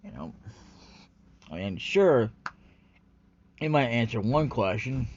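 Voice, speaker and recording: A man's voice: medium pitch, big pitch swings, takes it slowly, a little mellow. A man ranting in a rambling, unscripted way about anime, profane and full of fillers, on a dull lo-fi recording. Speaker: anime commentary vlogger.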